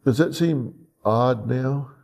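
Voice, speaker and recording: A man interviewing calmly, asking probing questions and repeating answers back. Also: mid-range voice, slow pace.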